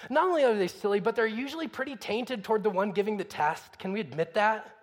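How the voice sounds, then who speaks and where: A man's voice: high-pitched, fast talker, long reverb tail. A man preaching a sermon in a conversational way, full of rhetorical questions. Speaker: pastor.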